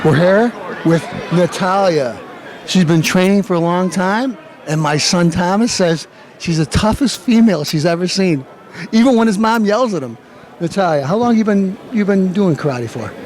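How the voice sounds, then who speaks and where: This show host has a high-pitched voice and a moderate pace, with a faint crowd in the background. Like a playful showman, he hams it up, hyping the event and interviewing people with animated energy.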